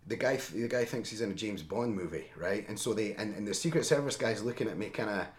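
A man telling a story in a casual, animated way, often tagging his lines with "right?". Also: on the low side, fast. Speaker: interview guest. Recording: roomy echo.

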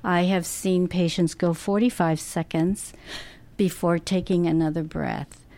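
A middle-aged woman, a hospice nurse, answering interview questions in a slow, gentle, thoughtful way with many restarts. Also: fairly low pitch, fairly even intonation.

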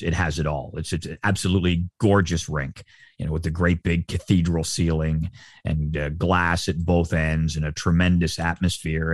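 Deep-voiced Canadian sportscaster, rambling. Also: male voice, no echo, clean studio sound. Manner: rambling, many fillers and restarts. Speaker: sportscaster guest. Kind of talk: casual interview chat.

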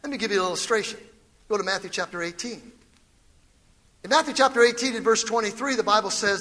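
High, bright-voiced preaching man. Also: fast talker, pauses often, a little hiss or hum. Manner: fiery preaching, rising to shouts. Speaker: pastor. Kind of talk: sermon.

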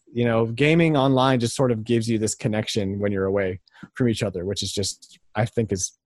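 A man in his thirties co-hosts a casual podcast, speaking earnestly and pausing often on fillers. His pitch sits in the middle of the usual range. The recording is dry and close. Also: no room sound. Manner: earnest, hesitant with many fillers. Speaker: podcast co-host. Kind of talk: casual chat.

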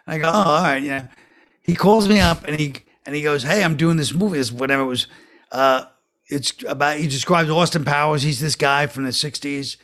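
A man, a guest comedian, telling a story in casual talk and quoting others in a flat, low voice. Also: brisk.

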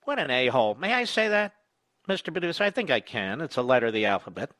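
A man's voice: mid-range voice, sing-song, quick pace, sharp tone, no echo. A man hosting talk radio, delivering combative, sarcastic commentary.

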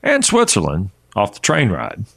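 A man's voice: fairly low pitch, wildly swooping pitch, moderate pace, gravelly, fairly bright tone, slightly rough. A man co-hosting a talk show, chatting casually and chiming in with short reactions and jokes. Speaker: radio co-host. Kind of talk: casual chat.

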